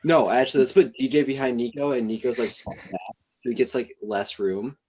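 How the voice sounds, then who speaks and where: A man's voice: medium pitch, brisk, darkish tone, slight background noise. A teenage boy hosts a casual podcast chat with friends. He teases and jokes as he steers the talk. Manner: playful, teasing, steers the talk. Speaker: podcast host.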